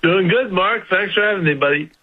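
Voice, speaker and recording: A man's voice: high-pitched, fairly quick. A man who runs a company, calling in as a guest, earnest and a bit hesitant. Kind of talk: remote interview guest. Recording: tinny phone line.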